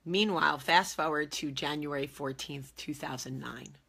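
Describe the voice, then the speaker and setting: A woman with a husky, slightly low voice tells a personal story as the host of her own show. She sounds bright and forceful, and she is candid and animated throughout. She acts out the lines of the people in her story. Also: normal speed.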